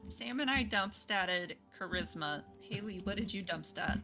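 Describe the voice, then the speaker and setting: A woman's voice: medium pitch, lively intonation, measured pace, over music. A woman player chatting casually and playfully about her tabletop character. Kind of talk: casual chat.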